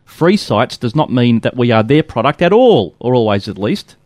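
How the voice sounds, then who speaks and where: A man co-hosting a tech podcast works through listener mail, reading each letter in a steady, even voice. His pitch sits in an ordinary middle range. The sound is close and dry, with no room around it. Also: normal speed, dry recording.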